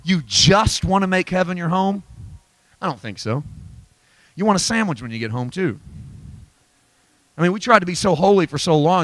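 A middle-aged man preaching a sermon in a church, swinging from shouted, high-pitched peaks to low, quiet reflection. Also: lively intonation, moderate pace, pauses often, no echo. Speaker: pastor.

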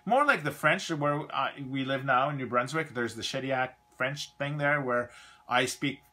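Canadian man, live-stream toy host, bright forceful voice, loose rambling delivery. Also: medium pitch, normal speed. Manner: rambling, chatty, trails off mid-thought. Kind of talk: casual live-stream chat.

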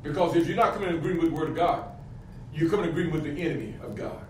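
A man's voice: a little high, racing. A middle-aged man preaching a fervent sermon, firing questions at his congregation. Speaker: pastor. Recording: echoey, from a distance, faint room noise.

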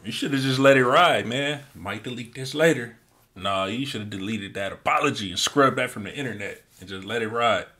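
A man hosting a music reaction video, excitedly repeating lyric lines and commenting on them in casual talk. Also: mid-range voice, brisk.

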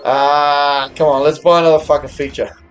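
Speaking at moderate pace in a level, high-ish voice, a man a bit slurred from beers chats and curses to viewers on his live gambling stream. The room, a hotel or home abroad, has soft music, and the recording's highs are cut off.

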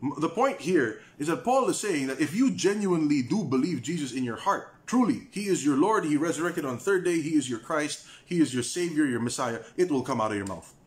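A man with a Filipino accent teaching an online Bible study, repeating key phrases, mixing in Tagalog and asking the listeners rhetorical questions. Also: on the high side.

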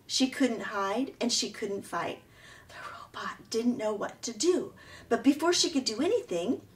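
A woman reading a children's chapter book aloud in an expressive, animated way. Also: mid-range voice, far from the mic, poor audio.

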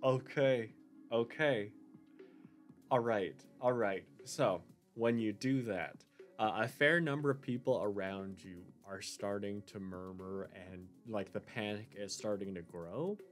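A man's voice: on the low side, a little slow, faint music behind. A man narrating as game master in a tabletop role-playing game, with many fillers and restarts. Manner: hesitant, filler-heavy narration.

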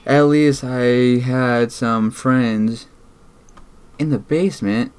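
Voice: medium pitch, steady tone, takes it slowly, darkish tone, smooth. A gamer giving let's-play commentary, jumpy, talking to themself and swearing often. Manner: jumpy, swears and talks to self. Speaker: gamer playing a horror game.

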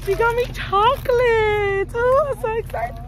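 A young woman vlogging casually, excitable and loud, swearing freely as she opens gifts. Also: very high voice, a little slow, a little hiss or hum. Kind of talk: casual vlog chat.

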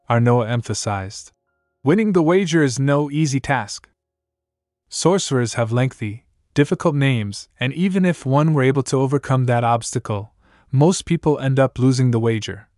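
A man reading a scripted story recap in an even, measured way. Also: mid-range voice, dry recording. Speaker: narrator. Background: faint music.

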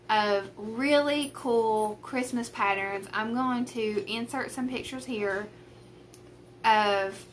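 A young woman with a thick rural Southern US drawl talks straight to her tripod camera at a kitchen table, rambling freely. Her voice is bright and a little high, with a faint hiss of room noise behind it. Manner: chatty and rambling, self-deprecating. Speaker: craft vlogger. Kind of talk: casual chat to camera. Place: at home, at a table. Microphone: camera on a tripod with a ring light.

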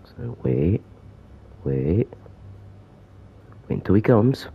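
Slow-talking man playing a horror game. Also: low-pitched, very animated, creaky, highs cut off, slight background noise. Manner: jokey, talks to the game's villain. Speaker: gaming YouTuber. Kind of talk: horror game playthrough commentary.

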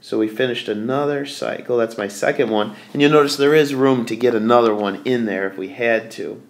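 A man's voice: medium pitch, brisk. A man teaching a recorded math lesson, thinking aloud as he draws and correcting himself along the way.

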